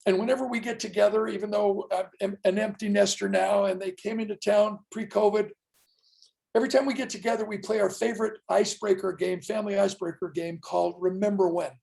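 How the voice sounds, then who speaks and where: A man's voice: sits high, steady tone, a little fast, creaky, darkish tone, low-quality recording. A man in his sixties, a professional speaker, giving a motivational keynote with dramatic storytelling and punchy, emphatic lines. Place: event stage.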